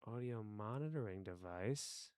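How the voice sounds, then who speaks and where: A man's voice: on the low side, lively intonation, measured pace, darkish tone, clean tone, no echo, clean studio sound. A man chatting casually on a live stream, rambling to his chat while adjusting his microphone settings. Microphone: desk microphone.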